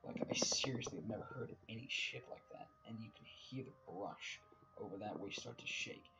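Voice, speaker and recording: Male horror-story reader, lowish voice, casual and profane, slips into whispers. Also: normal speed, heavy background noise. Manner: casual and profane, often dropping to a hushed whisper. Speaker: narrator. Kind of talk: reading a horror story aloud.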